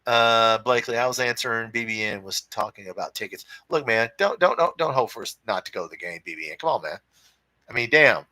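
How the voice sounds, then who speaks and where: A fired-up man hosts a fan livestream from home, reading comments aloud and firing back in blunt, profane talk. His voice is bright and forceful, recorded dry and close with no room around it. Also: mid-range voice, lively intonation, a little fast, dry recording, poor audio. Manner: blunt, profane and fired-up, calls people brother and dude. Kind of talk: casual livestream chat reading viewer comments.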